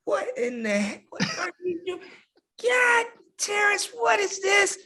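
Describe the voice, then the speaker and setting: A man voicing his angry old football coach, shouting in a strained, much higher pitch. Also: sing-song, slow, full character voice. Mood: furious. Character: angry older male football coach yelling.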